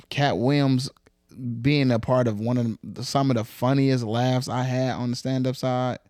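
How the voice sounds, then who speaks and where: A man's voice: medium pitch, fairly even intonation, measured pace, a little mellow, dry recording, studio quality. A man co-hosting a podcast, chatting casually, arguing and swearing a lot. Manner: argumentative, profane, imitates comedians. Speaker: podcast co-host. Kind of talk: casual chat.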